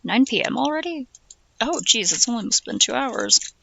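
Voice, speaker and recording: A man's voice: extremely high pitch, expressive, normal speed, gravelly, bright, forceful tone, faint music behind. A man streaming a game, reading its dialogue aloud and chatting with laughs. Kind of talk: casual let's-play commentary.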